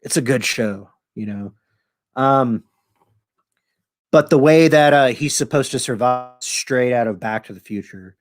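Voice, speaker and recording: A man rambles through a casual video monologue, swearing freely and breaking into laughs. His voice sits at an ordinary middle pitch. A close mic gives a dry sound with no room echo. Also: a little slow. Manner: rambling, profane, laughs often. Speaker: video host and musician.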